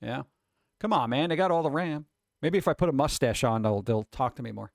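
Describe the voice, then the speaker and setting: A man's voice: mid-range voice, a little fast, creaky, no echo, studio quality. A man hosting a live stream, chatting casually, reading chat aloud and swearing now and then. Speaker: streamer host.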